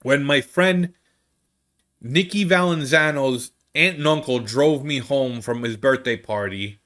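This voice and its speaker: A man, a comedian, telling a rambling travel story in an animated, casual way. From United States. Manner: animated, rambling, with big swings in pitch. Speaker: comedian host.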